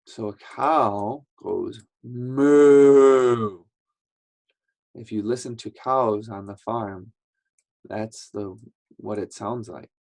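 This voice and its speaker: A man teaching a slow English lesson to young learners, patient and repetitive, acting out sounds as he explains. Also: fairly low pitch, fairly even intonation, creaky. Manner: patient, repeats words, acts out sounds.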